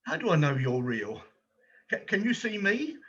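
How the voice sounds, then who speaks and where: A man's voice: sits high, wildly swooping pitch, normal speed, fairly bright tone, breathy edge, highs cut off, heavily acted. A man playing an anxious, kind-hearted volunteer gallery guide who hesitates and stumbles over his words, in an amateur stage drama.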